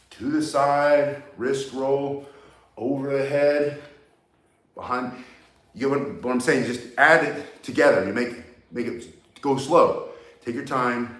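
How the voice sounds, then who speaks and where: A breathless male instructor talks through each move while swinging a heavy staff. His voice sits at a middle pitch and rings in an echoey room. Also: a bit bright. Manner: coaching, talks while moving. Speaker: martial arts instructor. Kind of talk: demonstration tutorial.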